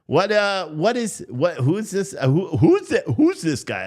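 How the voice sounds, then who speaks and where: A man's voice: high voice, huge pitch swings, measured pace, a little mellow. A blunt, sarcastic male streamer talks off the cuff to his viewers in a slightly raised voice. His talk is loose and casual, and he swears without hesitation. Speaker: live stream host. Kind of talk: casual live stream commentary.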